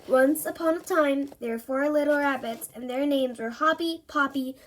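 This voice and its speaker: Lady reading a kids book out loud, playful, pretty high voice. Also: moderate pace, slight background noise. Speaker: storybook reader. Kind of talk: reading a children's book aloud.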